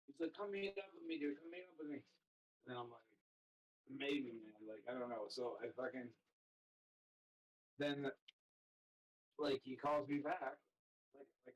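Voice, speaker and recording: Brief: man, mid-pitched, casual storyteller, rambling and profane, talking over an online call. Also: rough recording. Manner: rambling, profane, full of "like" and "dude". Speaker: participant in a live stream chat.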